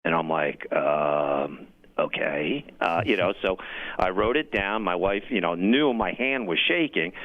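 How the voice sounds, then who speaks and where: A middle-aged man calling in on a crackly, tinny phone line, his low voice gravelly with fry. He rambles through a long story with repeated words and gets emotional along the way. He is from New Jersey. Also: expressive, normal speed. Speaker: caller.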